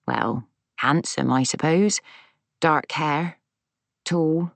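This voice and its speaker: Old-fashioned woman in her late forties, read by a woman narrator, low voice, measured and a bit pitying, storybook. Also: vocal fry, no echo, exaggerated voice.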